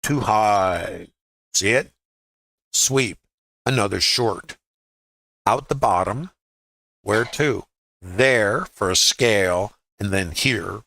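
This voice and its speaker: A man's voice: fairly low pitch, slow, vocal fry, pauses often, sharp tone, no room sound. A man leading a live trading lesson, walking through charts in a conversational way and asking viewers rhetorical questions. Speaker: trading educator. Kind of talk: live trading webinar walkthrough.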